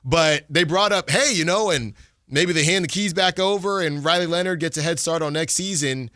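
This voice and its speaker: A man hosts a sports radio show in an easy, chatty way and gets animated as he talks. His voice is bright and pushed forward. It sounds close and dry in the studio. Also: normal speed, no room sound. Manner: chatty, animated, jumps pitch when excited. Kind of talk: casual sports talk.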